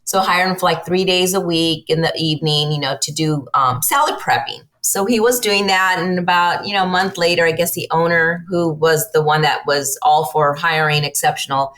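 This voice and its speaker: A middle-aged woman, a mother and business owner, tells casual stories as a guest on a podcast, speaking in a low voice at normal speed with hardly any pauses. She is chatty and rambling, leaning heavily on fillers like "you know" and "like," and she acts out family conversations using lively quoted voices.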